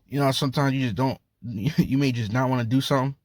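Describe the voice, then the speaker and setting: A man with a medium-pitched voice and fairly even intonation teaches from the Bible at a fast clip, speaking in loose, slangy street talk. He chuckles often and keeps tacking "man" onto his sentences. The recording is dry.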